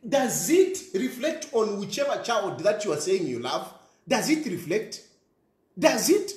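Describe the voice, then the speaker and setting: A man with a Zambian accent delivers a heated, scornful rant, hammering the same phrases over and over. His voice sits very high and swings widely in pitch. The sound carries a roomy echo. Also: very animated, unhurried. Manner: ranting, scornful, repeats phrases, mixes in local words. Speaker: commentator. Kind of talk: impassioned monologue.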